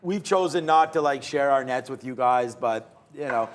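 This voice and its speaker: A man's voice: mid-range voice, moderate pace, slight background noise. A man hosting a live studio show in a casual, rambling chat, his voice getting tired. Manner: rambling and chatty, with many fillers. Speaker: show host. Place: trading-floor TV studio.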